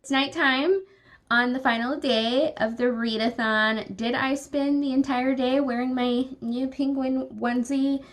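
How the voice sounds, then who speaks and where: A woman's voice: high-pitched, fairly even intonation, a little slow. A young woman vlogging at home, chatting casually and with opinions about books she has been reading, with many filler words. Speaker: book vlogger. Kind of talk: casual vlog chat. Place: home at night.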